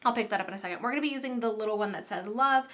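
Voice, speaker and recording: A woman's voice: fairly high pitch, racing, a bit bright. A young woman chatting casually and upbeat through a card-making tutorial, with frequent ums.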